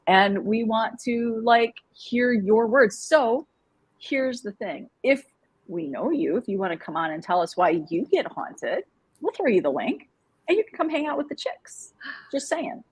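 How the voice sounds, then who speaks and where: A woman's voice: a little high, very animated, measured pace, slightly rough, no echo. A woman co-hosting a casual livestream chat, bubbly and chatty, greeting viewers by name. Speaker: livestream co-host.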